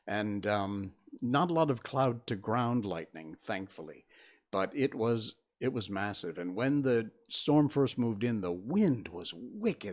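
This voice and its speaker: An older man from Connecticut, hosting a casual solo livestream from his home studio, chatty and rambling with frequent fillers and restarts. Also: lowish voice. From Connecticut, USA. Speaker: livestream host.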